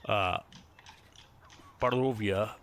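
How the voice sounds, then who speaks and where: A man running a tabletop game as game master, narrating scenes in an animated, descriptive way. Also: on the low side, extremely slow, creaky, a little hiss or hum. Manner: descriptive, animated, laughs easily.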